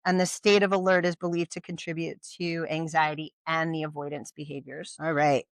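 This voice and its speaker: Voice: medium pitch, flat delivery, fairly quick, creaky, clean tone, dry recording. Chatty workshop presenter, dry close sound. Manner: conversational, with frequent rhetorical questions and audience check-ins. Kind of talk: informal educational talk. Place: community event at a brewery.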